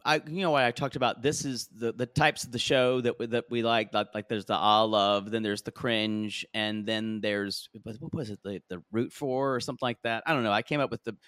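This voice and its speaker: A man co-hosting a casual reality-TV recap podcast, jokey and animated, often mimicking the cast in high mocking voices. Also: a little fast, hardly any pauses, clean tone, dry recording, clean studio sound. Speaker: podcast co-host.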